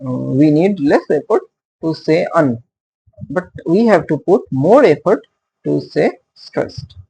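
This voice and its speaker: A male teacher, explaining poetry meter in a halting way, with many fillers and questions put to his listeners. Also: on the high side, animated, gravelly, mellow, husky, rough recording. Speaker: literature teacher. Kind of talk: casual classroom-style explanation.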